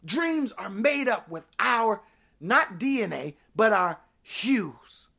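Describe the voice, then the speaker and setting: A woman preaching a sermon, repeating phrases in a rhythmic build, rising to shouts and then dropping to hushed tones. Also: medium pitch, sing-song, takes it slowly, creaky, breathy edge.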